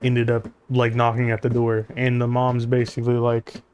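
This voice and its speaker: A man chats casually over a video game at a middle pitch. He rambles and stumbles through his story and drops in dry, sarcastic jokes. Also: monotone, normal speed, darkish tone, a little hiss or hum. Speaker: gaming YouTuber. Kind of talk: casual commentary over gameplay.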